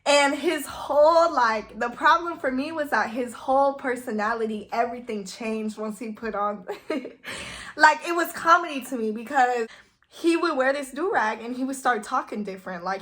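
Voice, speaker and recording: Young woman, higher-pitched voice, chatty storytime. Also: a bit bright. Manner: chatty, heavy use of "like". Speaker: vlogger. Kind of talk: casual storytime.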